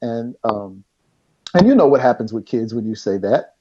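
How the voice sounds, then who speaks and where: Laughing as he goes, a middle-aged guest animatedly tells a story in casual conversation at a normal speed. He speaks with a mellow, dark, husky voice of medium pitch, recorded in dull, lo-fi audio.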